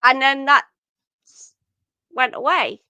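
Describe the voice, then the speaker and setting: Bright-voiced woman chatting about films. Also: high voice, slow pace, smooth, dry recording. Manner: chatty, lots of fillers, rising excitement. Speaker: podcast co-host. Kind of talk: casual film discussion.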